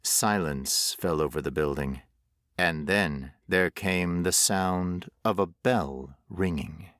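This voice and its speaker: A man narrating a horror audiobook in a slow, measured storytelling voice. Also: low-pitched, fairly bright tone, dry recording, clean studio sound.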